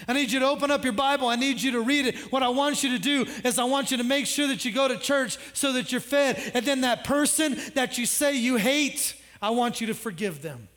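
A preacher voicing God, urging and insistent. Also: male voice, very high-pitched, brisk, hardly any pauses, a bit bright. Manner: pleading, insistent. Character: God, a patient, urging fatherly male voice.

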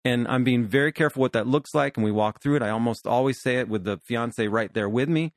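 A man's voice: medium pitch, fast talker, no room sound, clean studio sound. A man in his fifties, a pastor and therapist hosting a podcast, talking earnestly about counseling couples. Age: 50s. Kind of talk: podcast conversation.

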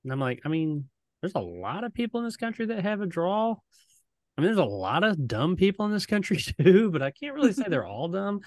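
A man's voice: sits high, sing-song, brisk, no echo, clean studio sound. A man co-hosting a podcast in casual chat, speaking frankly and bluntly. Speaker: podcast co-host.

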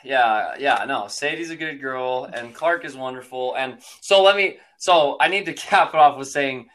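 A man's voice: medium pitch, normal speed, a bit bright. A man in his thirties, a father telling a parenting story in casual chat, laughing often and using lots of fillers.

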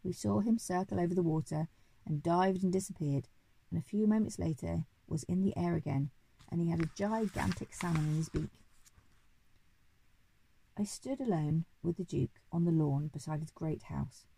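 A woman reading a children's story aloud in a measured, expressive way. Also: lowish voice, vocal fry, husky, poor audio.

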